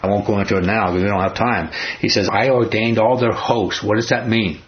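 A man's voice: fairly low pitch, steady tone, brisk, lo-fi sound. A man teaching a Bible study in a folksy, emphatic way, often asking the group questions.

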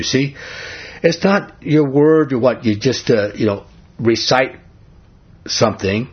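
A man's voice: mid-range voice, animated, moderate pace, slightly rough, muffled recording. A man preaching an informal sermon in a conversational way, asking his listeners questions. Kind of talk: informal sermon, Bible study.

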